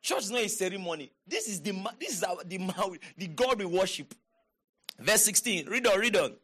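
A man's voice: high voice, expressive, fairly quick, a bit bright, husky. A man preaching a sermon, reading scripture aloud and breaking off into emphatic exclamations and call-and-response with the congregation. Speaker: pastor.

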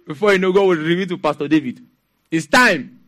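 A man with a Nigerian accent preaching a sermon as pastor, telling stories with laughter and asking the congregation to respond. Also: high voice. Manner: animated, storytelling with laughs and call-and-response.

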